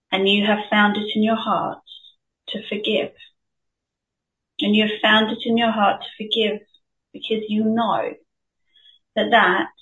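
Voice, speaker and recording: Slow gentle woman therapist, roomy and distant. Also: mid-range voice, muffled recording. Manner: gentle, measured, affirming. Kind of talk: guided therapy session.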